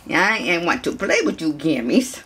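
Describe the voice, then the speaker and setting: A woman voicing a playful male puppy who begs to play, in high baby talk. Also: very animated, moderate pace, a bit bright, breathy edge, full character voice. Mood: eager.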